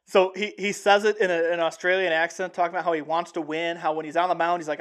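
A young man hosting a sports show, talking casually and excitedly in a rambling way with many restarts. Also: high-pitched, brisk. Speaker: sports podcast host. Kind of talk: casual sports talk monologue.

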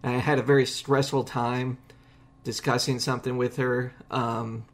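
A man hosting a podcast in casual conversation, rambling and animated, with many restarts. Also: medium pitch, moderate pace. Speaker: podcast host.

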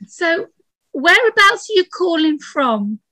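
A woman's voice: extremely high pitch, very animated, slow pace, sharp tone, dry recording. A woman hosting a casual interview podcast, eager and chatty, with many "uh" fillers. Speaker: podcast host.

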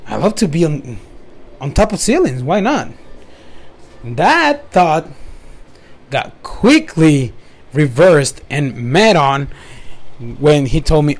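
Speaking slowly with lively intonation, this young man's voice sits on the high side. A native Spanish speaker, he tells a rambling first-person story about his work, full of restarts and side comments.

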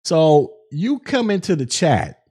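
A man's voice: on the high side, wildly swooping pitch, takes it slowly, breathy edge. A middle-aged man hosting a livestream podcast, reading chat messages aloud and getting angry and profane with a viewer. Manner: irritated, profane, rising to shouting. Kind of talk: livestream commentary.

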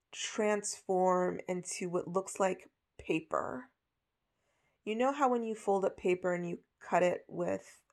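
A woman's voice: fairly low pitch, creaky, darkish tone. A woman hosting a podcast, telling a story in a casual, chatty way with lots of fillers. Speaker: podcast host.

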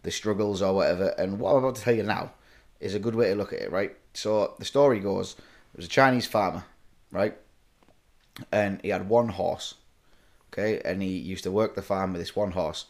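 Lower-voiced joking podcast host. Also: male voice, fairly quick. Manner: banter-filled, joking storyteller. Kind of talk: casual chat.

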